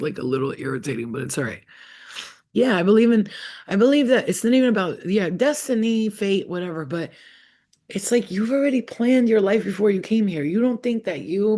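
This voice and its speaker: A woman giving a casual tarot reading to her viewers, blunt and profane, telling animated stories. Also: on the low side, fairly quick. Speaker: tarot reader. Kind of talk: casual spiritual talk to viewers.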